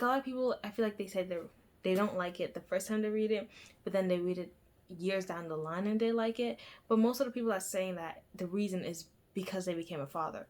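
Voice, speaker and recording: A young woman chatting casually about books she has read, rambling with lots of fillers, restarts and little stutters. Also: mid-range voice. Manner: rambling, filler-heavy, self-deprecating, stuttering. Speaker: book vlogger. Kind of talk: casual book review chat.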